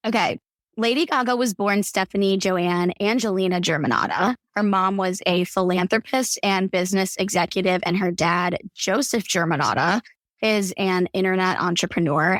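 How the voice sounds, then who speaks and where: A woman's voice: mid-range voice, normal speed, a bit bright, dry recording, studio quality. A woman guest on a chatty podcast, upbeat and nerdy. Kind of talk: casual podcast chat.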